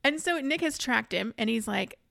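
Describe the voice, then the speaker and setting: A woman's voice: fairly high pitch, normal speed, creaky, no room sound, studio quality. A woman co-hosting a podcast, animatedly retelling a book's plot in casual chat. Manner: animated retelling with acted quotes and laughter. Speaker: podcast co-host. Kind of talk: casual book discussion.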